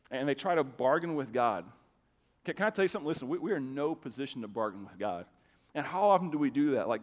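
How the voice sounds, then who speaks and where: A man preaching a sermon to his congregation, talking in a loose, conversational way with quick restarts. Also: mid-range voice. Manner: conversational, animated, with stammered restarts. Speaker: pastor. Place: church sanctuary. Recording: long hall reverb.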